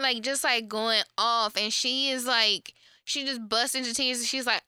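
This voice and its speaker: A woman's voice: on the high side, moderate pace, smooth, dry recording, clean studio sound. A woman co-hosting a podcast, recapping reality TV in casual chat, swearing freely and acting out quotes. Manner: animated storytelling, acts out quotes, swears freely. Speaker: podcast co-host.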